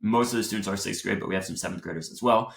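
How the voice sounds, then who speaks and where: A man's voice: on the low side, rapid-fire, creaky. Chatty young man in an echoey room. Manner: chatty, animated, acts out his own thoughts. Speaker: show host. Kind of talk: casual solo talk. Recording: roomy echo.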